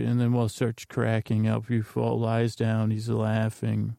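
A man's voice: medium pitch, completely flat delivery, a little slow, gravelly, hardly any pauses, dark tone, no echo, clean studio sound. A man hosting a podcast, casually retelling a TV episode in a rambling, jokey way with loose quoted voices. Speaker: podcast host. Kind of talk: casual comedic episode recap.

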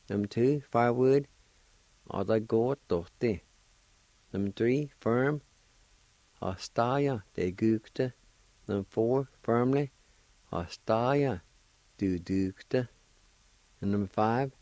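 Man, radio language teacher, deliberate syllable-by-syllable delivery, dark dry tone. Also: lowish voice, no echo. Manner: breaks words into syllables, repeats them slowly. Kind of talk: slow pronunciation lesson.

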